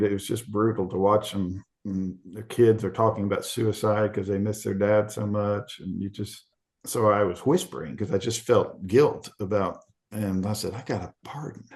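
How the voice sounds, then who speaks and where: A middle-aged man from Arkansas, USA, appears as a podcast guest, telling a candid story and acting out the quoted voices in it. His voice is fairly low with a darkish tone.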